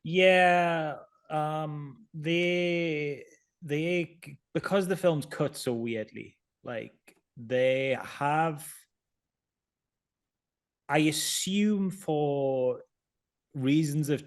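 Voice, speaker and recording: A man's voice: a little high, drawn-out words, smooth. A man in a casual podcast chat about a bad horror film, talking wryly and sarcastically and often restarting his sentences. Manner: wry, sarcastic, rambling with restarts. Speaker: podcast co-host.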